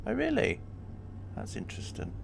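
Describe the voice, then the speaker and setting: A man's voice: high-pitched, wildly swooping pitch, normal speed, creaky, noisy background. A man streaming a driving game, chatting in a rambling way and giggling at his own jokes. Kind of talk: live-streamed gameplay chat.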